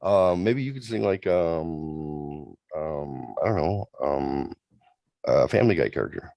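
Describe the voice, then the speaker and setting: A man's voice: extremely low pitch, animated, unhurried, gravelly, dry recording, highs cut off. A man co-hosting a casual chat, playful and encouraging, prodding the others with teasing questions.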